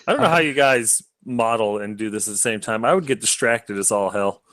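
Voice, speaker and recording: A man's voice: fairly low pitch, a little fast, a bit bright. A man co-hosting a casual group chat, joking and teasing.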